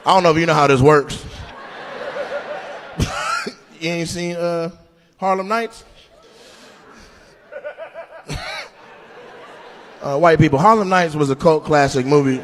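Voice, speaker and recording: A man doing live stand-up crowd work, loud and mocking, acting out voices as he roasts audience members. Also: fairly high pitch, measured pace, pauses often, slight background noise. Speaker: stand-up comedian. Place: comedy club stage.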